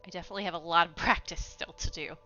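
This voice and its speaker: Chatty woman with a bright voice. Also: on the low side, fairly even intonation. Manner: chatty and rambling, quick to laugh. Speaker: streamer. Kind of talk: casual gaming stream chat. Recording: slightly muffled, faint music behind.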